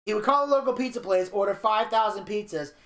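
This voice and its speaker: A man co-hosting a podcast, casually recapping a documentary and telling stories with lively impressions. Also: high voice, fast, roomy sound. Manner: animated storyteller, slips into impressions. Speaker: podcast co-host. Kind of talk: casual review chat, reading episode notes.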